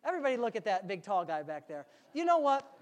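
A man's voice: sits high, very animated, fast, slight background noise. A man preaching a sermon as a pastor in a church, talking casually and joking with the congregation. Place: church sanctuary.

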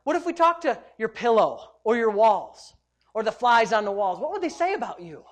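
A middle-aged man, a pastor, preaching a sermon in an animated, joking way with frequent exclamations of praise. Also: high-pitched, normal speed.

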